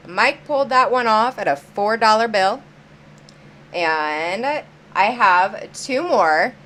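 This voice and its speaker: A woman's voice: mid-range voice, a bit bright. A woman hosting a live-stream auction, chatty and upbeat, greeting viewers by name as she counts down bids.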